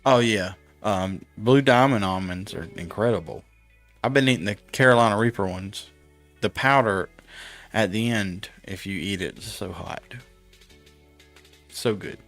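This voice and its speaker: A man's voice: lowish voice, measured pace, a bit bright. Man, casual late-night stream chat, rambling, laughing, faint music behind. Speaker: stream host.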